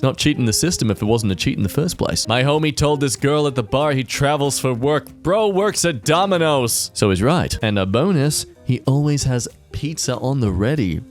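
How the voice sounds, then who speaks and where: A young man hosting a comedic reaction video, sarcastic and quick to laugh at his own jokes. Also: fairly high pitch, lively intonation, soft background music. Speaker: reaction channel host.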